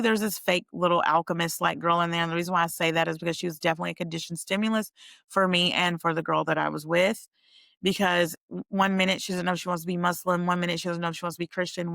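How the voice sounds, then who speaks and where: Casting: young woman, vlogger, chatty and animated storytelling, gravelly edge, dry close sound. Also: lowish voice, dry recording. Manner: chatty, animated, addresses viewers as you guys. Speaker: vlogger telling a personal story. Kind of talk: casual storytelling to camera.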